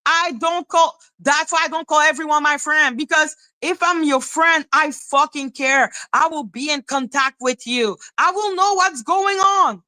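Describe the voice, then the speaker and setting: A woman's voice: high voice, unhurried, few pauses, pushed and bright, no echo, rough recording. A woman live-streaming a heated, profane rant, scornful and mocking. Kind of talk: heated ranting commentary.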